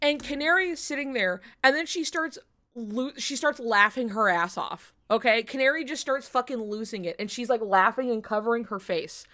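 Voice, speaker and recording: Woman streamer, high voice, casual storyteller, swears and laughs a lot. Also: normal speed, sharp tone. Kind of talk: casual chat.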